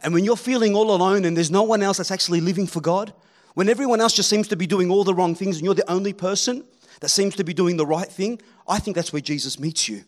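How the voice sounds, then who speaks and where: A preacher with a high voice delivers a sermon. He rallies the crowd with lively calls and drops to hushed tones between them. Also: fast. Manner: animated, rallying the crowd, swings from loud to hushed.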